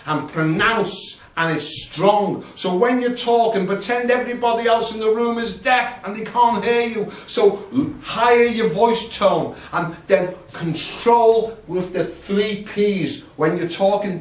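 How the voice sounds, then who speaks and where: A man from the United Kingdom giving an energetic, emphatic public speaking coaching talk with dramatic pitch swings. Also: a little slow, hardly any pauses. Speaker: motivational speaker. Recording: echoey room, voice from a distance.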